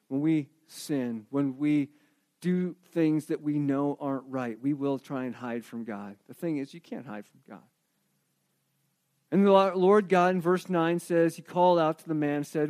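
A male pastor with a high, light voice preaches a sermon. He tells stories with animated emphasis and keeps pulling listeners in with rhetorical questions. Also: moderate pace.

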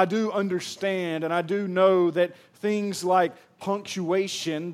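A man from Mississippi with a Southern accent, a pastor preaching a sermon in a chatty, joking way and talking straight to the congregation. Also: sits high. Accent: Southern American. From Pearl, Mississippi. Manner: jokey, chatty, addresses the crowd directly.

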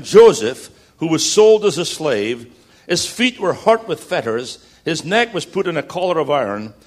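A man preaching as a guest speaker, building to loud repeated declarations and slipping in jokey stories. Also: on the high side. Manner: jokey storytelling asides. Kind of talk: sermon.

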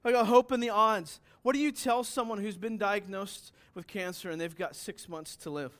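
A man preaching a sermon as pastor, asking rhetorical questions and swinging between loud declarations and quiet asides. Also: high-pitched, normal speed.

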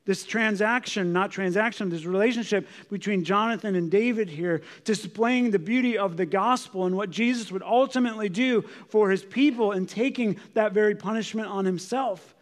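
A man's voice: high-pitched, moderate pace, hardly any pauses. A male pastor preaching an expository sermon in an earnest, emphatic manner, often asking his listeners rhetorical questions. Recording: long reverb of a large hall.

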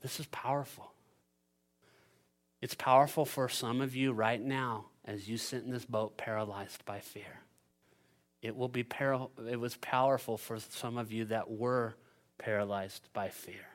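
A man preaching a sermon as pastor, animated and playful, swinging between loud urgency and quiet emphasis. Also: medium pitch, measured pace. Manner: playful asides and silly voices for the disciples.

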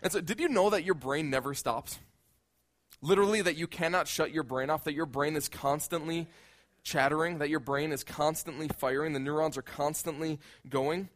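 A man's voice: fairly high pitch, brisk, a bit bright. A male pastor preaching a conversational sermon, often repeating words as he builds a point.

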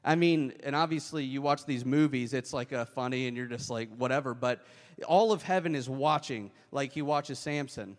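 A man preaching, his voice carrying a long reverb through a church hall. He keeps the sermon conversational and chatty, then jumps sharply higher in pitch whenever he acts out someone else's words. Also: normal speed.

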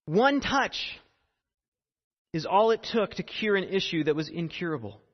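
A man with a high voice preaches a sermon, leaning on repeated phrases and dramatic pauses. His earnest delivery carries a long hall echo. The recording sounds dull and muffled. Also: animated. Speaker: pastor.

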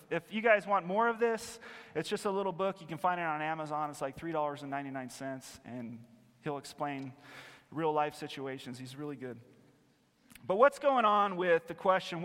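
Earnest preacher man in a reverberant hall. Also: fairly high pitch. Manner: earnest, emphatic, repeats key phrases, swings from loud to quiet. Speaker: preacher and biblical counselor. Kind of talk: teaching sermon.

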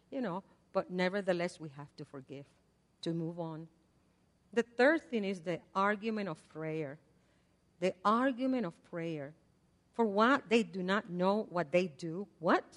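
Older woman preaching in a reverberant hall. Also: mid-range voice. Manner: swings from loud repeated prayers to soft asides; conversational, with fillers and laughs. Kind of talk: sermon.

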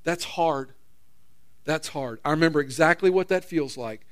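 Soft heartfelt pleas, gentle son figure, a man acting it out. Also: a little high, normal speed, voice pushed down, lightly acted. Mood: tender. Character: Jesus, gentle grown son pleading with his father.

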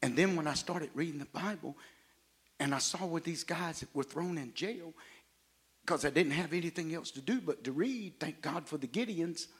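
A man gives his testimony from the pulpit, an excitable storyteller who climbs toward shouts. His voice sits high and has a husky, grainy edge. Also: moderate pace. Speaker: preacher giving testimony. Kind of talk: animated sermon testimony.

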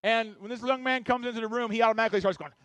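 A man with a notably high voice preaches from the pulpit. He tells a story first, then presses the congregation with urgent, repeated exhortations. The sound is close and dry. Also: fairly even intonation, racing, fairly bright tone, smooth, dry recording. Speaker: pastor. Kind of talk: sermon with personal story.

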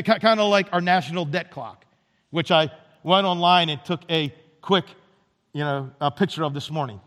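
Male pastor, emphatic sermon delivery, higher register, long church reverb. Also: fairly bright tone. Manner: emphatic, repetitive preaching cadence. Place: church sanctuary.

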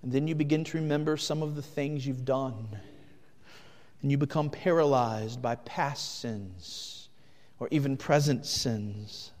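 A man preaching a sermon, earnest, swinging between loud urgent passages and hushed ones. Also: mid-range voice, a little slow, in a large hall. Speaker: pastor.

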